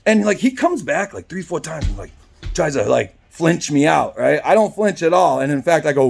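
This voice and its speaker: A man's voice: fairly high pitch, sing-song, normal speed, creaky. A man who works as a barber tells a story in a casual, rambling way, often asking "right?" and acting out both sides of the exchange. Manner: rambling, with frequent tag questions.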